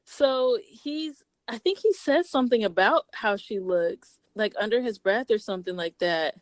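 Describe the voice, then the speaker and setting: A woman co-hosting a podcast, casually retelling a story and quoting its characters in a lower voice. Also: normal speed, no echo. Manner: relaxed, chatty, quoting characters in a lower voice, laughs often. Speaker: podcast co-host reviewing a story.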